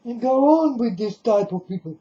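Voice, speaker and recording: A man's voice: very high-pitched, expressive, normal speed, mellow. A man preaching to the camera in a monologue, firing off repeated rhetorical questions at the viewer. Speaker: religious video preacher. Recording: dull lo-fi recording.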